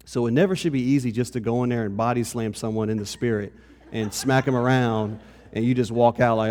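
A man's voice: medium pitch, steady tone, a little fast, darkish tone. A pastor giving a conversational sermon to his congregation, often checking in with "okay?". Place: church hall. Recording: long reverb of a hall.

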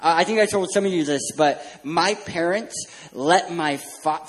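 A man preaching a sermon as a pastor, joking and animated as he tells stories. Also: fairly high pitch, normal speed, low-quality recording. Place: church stage.

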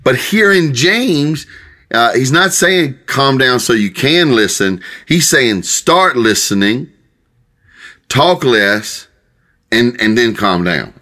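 An older man, a pastor and Bible teacher, preaching a conversational sermon in a folksy, halting way with many restarts. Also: medium pitch, animated, pushed and bright.

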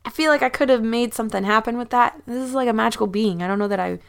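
A woman playing in a tabletop game, chatty and quick to argue the rules, laughing often. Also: fairly high pitch, creaky, clear, resonant tone. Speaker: player. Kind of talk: casual tabletop game play.

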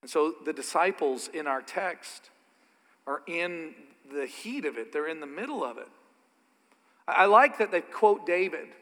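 A man preaching with a high, bright, forceful voice that carries through a reverberant church hall. He drops into quiet, conversational asides and then builds to loud, emphatic declarations. The long reverb trails after each phrase. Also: expressive, unhurried. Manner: dynamic preaching, swings from soft asides to loud emphatic peaks. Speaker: pastor. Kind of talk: sermon.

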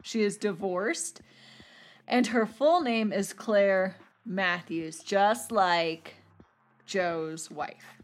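A woman hosting a podcast, recapping a TV episode in a casual, animated, giggly and jokey way. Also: medium pitch, extremely slow. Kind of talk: casual chat.

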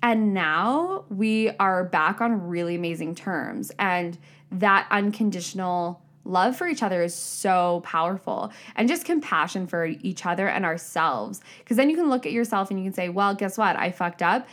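A young woman hosting a solo podcast, talking candidly and casually, with swearing and fillers, lively when she quotes herself. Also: lowish voice, normal speed. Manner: animated, shifting pace, upward bursts when quoting herself. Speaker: podcast host. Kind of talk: reflective solo podcast monologue.

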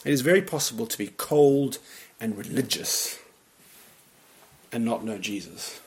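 A man preaching a sermon in a church, earnest and emphatic, often dropping to a quiet voice at the ends of phrases. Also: medium pitch, animated, a little slow. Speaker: pastor.

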